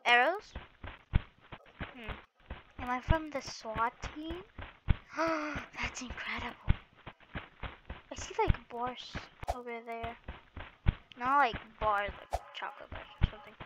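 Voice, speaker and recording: Excitable high-voiced woman gaming. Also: heavy background noise. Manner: excitable, shrieks and chatters to viewers. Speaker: gaming channel host. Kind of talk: let's-play commentary. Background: game music.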